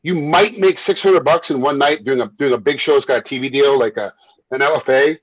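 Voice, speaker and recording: A man who works as a fight referee and once fought himself, telling stories in a casual interview, animated and quick to repeat himself and laugh. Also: mid-range voice, husky, no room sound, dull audio. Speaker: MMA referee and former fighter.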